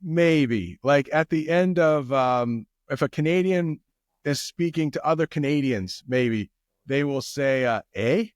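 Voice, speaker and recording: Relaxed American man, dry close sound. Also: a little high, measured pace, clear, resonant tone, dry recording. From United States. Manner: relaxed, repeats phrases, easygoing. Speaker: guest English teacher. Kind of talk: casual podcast conversation.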